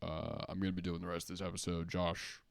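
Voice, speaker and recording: A man putting on a calm, lower voice as a savior figure who takes over his stream, speaking slowly and soothingly. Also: gravelly, no room sound. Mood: casual.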